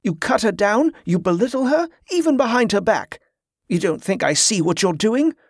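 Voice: mid-range voice, lively intonation, normal speed, no room sound, studio quality, pitched above the performer's own voice, lightly acted. A reader voicing Jordan, a sullen, defensive teenage boy who answers curtly and grumbles. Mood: angry. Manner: grumbling, curt. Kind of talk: audiobook character voice.

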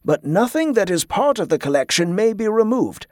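A man's voice: sits high, very animated, darkish tone, no echo, studio quality, pitched above the performer's own voice. A man doing a formal, stately monk gatekeeper. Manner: measured, formal and ceremonious.

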